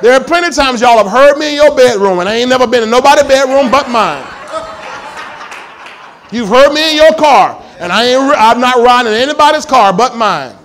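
A man's voice: very high-pitched, lively intonation, fairly quick, a bit bright, some chatter behind. A male pastor preaching a sermon in a church, emphatic and full of call-and-response questions to the congregation.

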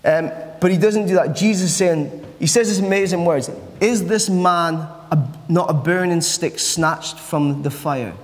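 A man's voice: high-pitched, a little slow, hardly any pauses. A man preaching a sermon as pastor, earnest and repeating phrases for emphasis. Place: church. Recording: long church reverb.

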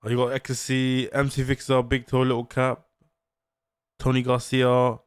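A young man reacting on a live stream. He repeats slang, gets excited, then trails off into mumbles. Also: mid-range voice, normal speed, clear, resonant tone, dry recording, clean studio sound.

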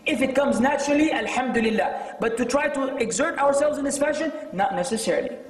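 A man giving a religious lecture, animated and exhorting, often quoting Arabic texts. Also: very high voice, brisk. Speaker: Islamic lecturer. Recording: echoey hall, from far off.

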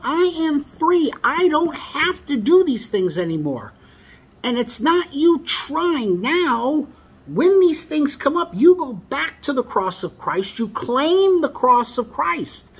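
A man delivers a sermon in a husky, breathy voice. He reads scripture aloud and presses his points emphatically, repeating the lines that matter most. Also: very high-pitched. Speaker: preacher.

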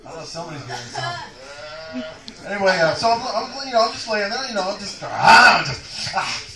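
A man's voice: high voice, lively intonation, fairly quick, crowd noise. A man doing a rambling, profane stand-up set in a comedy club. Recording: echoey club, taped from far off.

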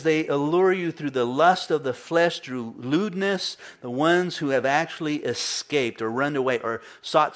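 A male pastor preaching a casual, storytelling sermon, mimicking the people he quotes with sudden loud bursts. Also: on the high side.

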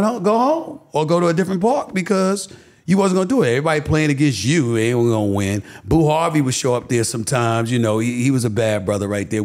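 A middle-aged man from Queens with a New York accent, a guest telling stories emphatically with many restarts. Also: a little high. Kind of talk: podcast interview, storytelling.

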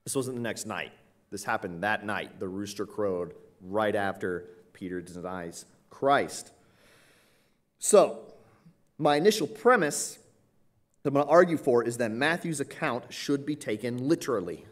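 A man with a somewhat low voice delivers an expository sermon. He talks casually through the text, with frequent filler sounds and quick "right?" check-ins to the congregation. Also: lively intonation. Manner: conversational, frequent "uh" and "right?" tag questions. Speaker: pastor. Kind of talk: expository Bible teaching.

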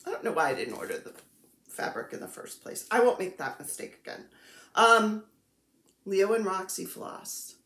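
A woman's voice: mid-range voice, very animated, moderate pace, a bit bright, echoey room. A woman vlogging casually about her cross-stitch projects, chatty and self-deprecating, gushing over the supplies she shows. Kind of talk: casual chatty show-and-tell.

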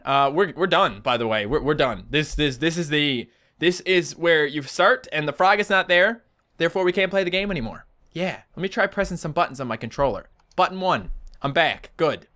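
Australian man, let's-play host, bright tone, excitable commentary with sudden yelps. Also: normal speed. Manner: animated, jumps to high yelps when panicking. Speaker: gaming YouTuber.

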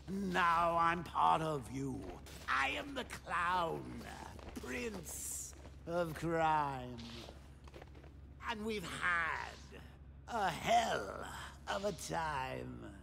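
A manic clown villain in a video game, singing and cackling with a gravelly edge and wildly swinging, high pitch. The sound is bright and sharp, with a long reverb trailing it. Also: male voice, slight background noise, full character voice. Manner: sings a taunting song, cackling between lines. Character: manic murderous male clown villain, gleeful. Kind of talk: video game song performance.

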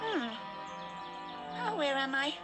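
A woman's voice: high-pitched, animated, takes it slowly, over loud music. A woman voicing a fretful little female duck in a children's cartoon, speaking in anxious questions. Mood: worried. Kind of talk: children's TV voice acting.

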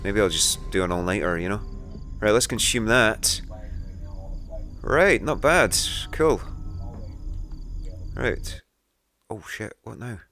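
A man's voice: fairly low pitch, slow, pauses often, sharp tone, slight background noise. Jumpy, sweary man gaming. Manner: jumpy, sweary, talks to himself. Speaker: gamer. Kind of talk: let's play commentary.

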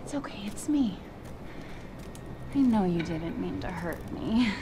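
A woman voicing a possessed young woman in a video game, soft and breathy at times, then screaming in pain. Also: lowish voice, animated, measured pace, heavy background noise. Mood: eerie. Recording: game audio under loud music. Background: loud game music.

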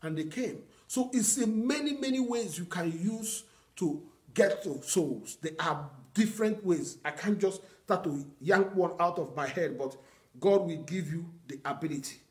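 In a high-pitched yet darkish voice, a pastor delivers a sermon at normal speed, animated and somewhat raised. Earnestly repeating himself, he walks the congregation through his teaching step by step, quoting scripture and prayers.

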